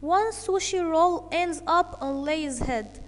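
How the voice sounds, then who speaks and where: With an extremely high-pitched voice and a long reverb tail, a woman teaches children English, working through each step slowly and deliberately and pausing often to check in with "okay."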